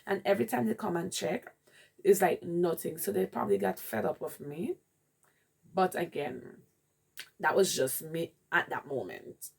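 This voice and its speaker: A woman's voice: lowish voice, lively intonation, normal speed, gravelly, a little mellow, husky. A woman with a Jamaican accent candidly telling a rambling personal story in a vlog. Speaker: vlogger.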